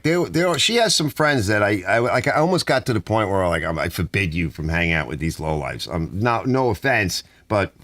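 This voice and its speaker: Middle-aged male vlogger, lively pitch, wandering anecdotes full of restarts. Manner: meandering, acts out dialogue, frequent restarts. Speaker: channel host. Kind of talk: rambling personal storytelling.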